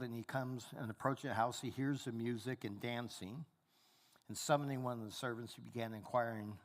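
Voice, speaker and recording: A male pastor preaching a sermon, teaching animatedly and acting out the characters' lines. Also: medium pitch. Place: church hall. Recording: long hall reverb.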